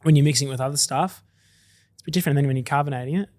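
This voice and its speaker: Fast-talking man, eager founder. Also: mid-range voice, a little mellow, dry recording. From Australia. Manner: chatty, quick and enthusiastic. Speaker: beverage company founder. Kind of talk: casual podcast interview.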